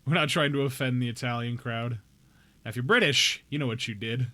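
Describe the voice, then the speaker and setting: A man's voice: mid-range voice, fairly quick, pushed and bright. A young man live-streaming a game, chatting casually with viewers in a playful, joking way with bouts of mock outrage. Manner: playful, jokey, talks straight to chat with mock outrage. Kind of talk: casual live-stream chat while gaming.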